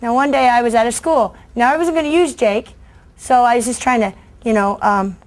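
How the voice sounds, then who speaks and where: A middle-aged woman from the United States gives an animated storytelling talk, her voice sitting slightly high. She slips into the voices of children and adults as she goes, keeping the room with her. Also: a little fast. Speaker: children's book author giving a talk. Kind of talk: lively storytelling speech to an audience.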